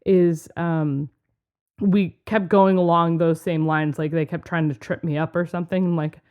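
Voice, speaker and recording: A woman co-host with a low-pitched voice chats casually and tells stories animatedly, with frequent laughter. The audio is dull and lo-fi, as in a home podcast. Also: normal speed, smooth. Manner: animated storyteller, laughs often. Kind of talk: casual chat.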